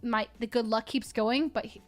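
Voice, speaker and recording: A woman's voice: on the high side, moderate pace. A young woman casually telling a story and acting out what others said. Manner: animated, acts out others' lines.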